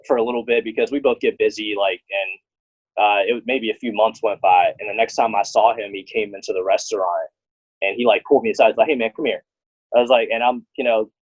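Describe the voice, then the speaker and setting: A man's voice: on the low side, breathy edge, dry recording, muffled recording. A man hosting a casual conversation, telling a long story and acting out both sides of the dialogue. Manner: rambling storyteller, acts out dialogue. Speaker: podcast host.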